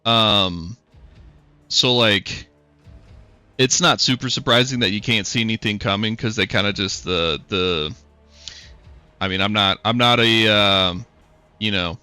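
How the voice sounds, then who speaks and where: A man's voice: on the low side, a little slow, pauses often, pushed and bright, clear, resonant tone, no echo, soft background music. A man narrating as game master in a rambling, casual way, swearing often.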